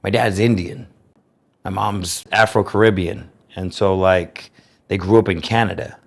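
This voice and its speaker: An American man telling his personal story in an interview, speaking in a reflective, earnest way with careful, clear enunciation. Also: sits low, fairly even intonation, a little slow. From United States.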